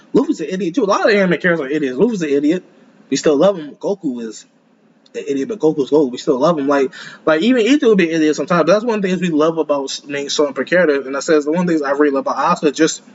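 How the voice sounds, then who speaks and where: Excitable rambling young man, lo-fi. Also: fairly high pitch, breathy edge. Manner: excitable, rambling, laughs often. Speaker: anime reaction host. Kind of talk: casual reaction commentary.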